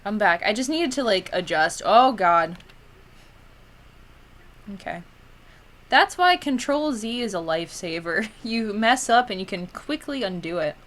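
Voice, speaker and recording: A woman's voice: medium pitch, expressive, a little slow, long pauses, a bit bright. A young woman streamer chatting casually while editing photos, giggly and tired, full of "like" with a Valley Girl lilt.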